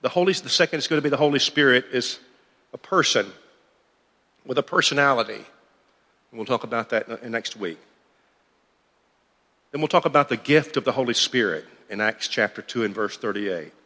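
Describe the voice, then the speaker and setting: A man's voice: medium pitch, lively intonation, normal speed, pauses often, pushed and bright, in a large hall. A man teaching a church Bible class in a conversational, thinking-aloud way.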